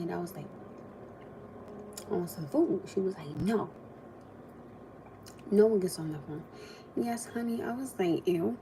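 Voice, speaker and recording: A young woman hosting a livestream, telling family stories in a casual, animated way and acting out what people said, with frequent laughs and pauses to eat. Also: medium pitch, background noise. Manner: animated, acts out quotes, laughs often, eats while talking. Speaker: livestream host.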